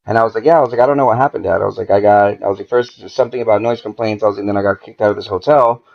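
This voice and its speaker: A man with a fairly low, creaky voice talks very fast, and the highs in the audio are cut off. As a podcast guest, he tells a story casually and profanely, animatedly acting out the dialogue.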